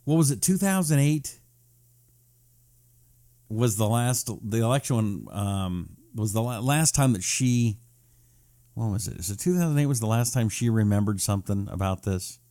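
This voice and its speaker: A man hosting a live political talk show, reading viewer comments in a sarcastic, animated way. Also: on the low side, normal speed.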